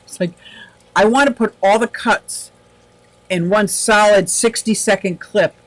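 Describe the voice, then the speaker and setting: A man's voice: sits high, steady tone, unhurried, noisy background. A man hosting a casual livestream, chatting in a rambling, upbeat way and answering viewer comments aloud. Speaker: livestream host.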